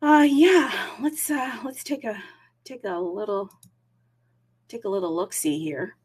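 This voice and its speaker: A woman hosting a casual livestream, chatty and upbeat. She greets her viewers city by city and sprinkles her talk with fillers and asides. Her pitch sits in the middle for a woman. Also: a little mellow, breathy edge. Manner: frequent fillers, self-aware about talking fast. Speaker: livestream host. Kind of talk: casual crypto livestream chat.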